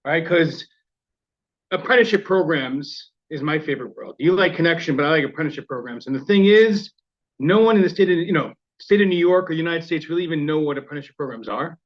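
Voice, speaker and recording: Male guest, higher voice, fast and eager, lo-fi recording. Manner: eager, energetic. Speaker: guest speaker. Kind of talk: radio interview. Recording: dull lo-fi sound.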